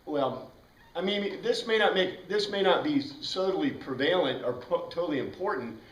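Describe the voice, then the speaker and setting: Chatty man teaching in an echoey classroom. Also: on the high side. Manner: chatty, rambling, spells out words letter by letter. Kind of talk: informal classroom lecture. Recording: roomy classroom heard from a distance.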